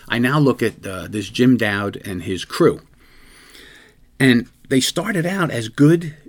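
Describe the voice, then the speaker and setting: This is a man who works as a detective and tells stories on his podcast. He speaks at a middle pitch and in a conversational way. He often circles back and restarts his sentences as he talks earnestly through a memory. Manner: earnest, rambling, with frequent restarts. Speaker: podcast host and police detective. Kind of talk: conversational storytelling.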